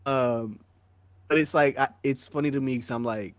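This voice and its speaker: A man co-hosting a podcast, telling a story in casual chat, slangy and animated, with "bro" and "dog" peppering his talk. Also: mid-range voice, quick pace, no room sound. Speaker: podcast co-host.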